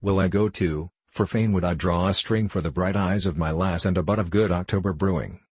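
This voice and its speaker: A man voicing a proud young outlaw archer who is quick to anger, speaking in earnest, old-fashioned storybook talk. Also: low voice, a little mellow, husky, no echo. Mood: bold. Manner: earnest archaic storybook speech.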